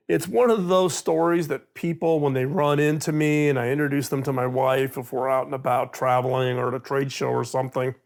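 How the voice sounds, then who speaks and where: A middle-aged man giving an animated storytelling talk on innovation, acting out quoted dialogue. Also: on the high side, vocal fry. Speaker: speaker on innovation.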